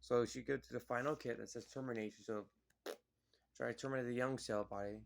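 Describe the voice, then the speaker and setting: A man's voice: mid-range voice, fairly even intonation, brisk, gravelly. A man casually retelling a film's plot in a rambling way, full of fillers and restarts. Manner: rambling, filler-heavy, lots of "like" and "you know". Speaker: vlogger. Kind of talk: casual film recap.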